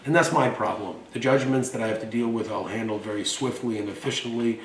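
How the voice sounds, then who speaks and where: A man's voice: mid-range voice, fast, reverberant, distant mic, slight background noise, rough recording. A man in his forties, from Russia, hosting a show and talking in a blunt, boastful, profane way. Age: 40s. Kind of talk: casual monologue and storytelling.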